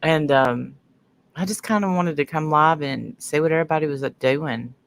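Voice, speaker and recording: A sniffly middle-aged woman hosts a casual livestream, her voice set low and heard close and dry. She rambles from one story to the next and breaks off mid-sentence to greet viewers by name. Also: moderate pace, vocal fry, dry recording. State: sniffly from sinuses. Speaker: livestream host.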